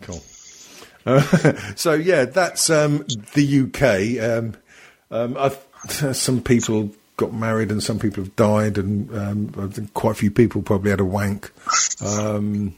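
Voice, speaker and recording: A man's voice: lowish voice, measured pace, a little mellow, husky. A man co-hosting a podcast, chatting casually, swearing often, rambling and laughing a lot. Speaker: podcast co-host. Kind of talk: casual banter.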